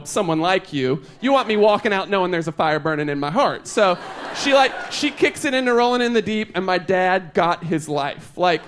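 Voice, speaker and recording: Young man, high voice, stand-up comic on a live stage, loose rambling storyteller, faint hiss behind. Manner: chatty, rambling storytelling with asides. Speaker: stand-up comedian. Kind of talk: stand-up comedy set. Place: comedy stage before a live audience.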